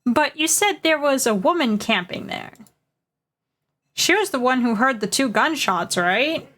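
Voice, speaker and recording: A woman reading as an earnest young male defense lawyer from a courtroom game, questioning witnesses in a plain, slightly hesitant way. Her voice sits on the higher side. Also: lively intonation, measured pace, a bit bright.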